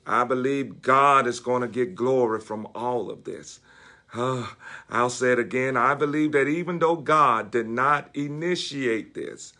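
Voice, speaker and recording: A man's voice: medium pitch, unhurried, pushed and bright. A man, serving as a bishop and delivering a devotional sermon, speaking with many fillers and repeating key phrases for emphasis.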